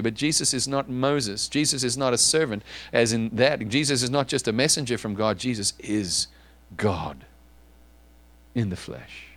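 A man preaching a sermon in an animated, emphatic way, often repeating words as he restarts. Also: medium pitch, measured pace. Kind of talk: sermon teaching.

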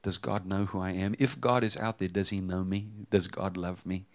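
A man preaching a sermon, telling a personal story with animated swings between loud emphasis and hushed tones. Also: deep voice, moderate pace. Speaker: pastor.

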